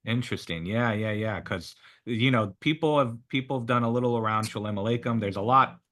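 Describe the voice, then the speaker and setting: A man's voice: medium pitch, a little fast, fairly bright tone. A man conducting an oral history interview, asking questions hesitantly with many fillers.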